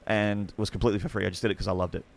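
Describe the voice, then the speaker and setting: An Australian man, a guest esports commentator, telling rambling, excitable stories in casual chat. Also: lowish voice, racing, creaky. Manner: rambling, excitable anecdotes with many restarts.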